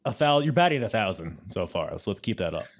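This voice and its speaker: Male podcast host; low, lively voice, easygoing and quick to laugh. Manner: laid-back, laughs often. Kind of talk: casual podcast chat.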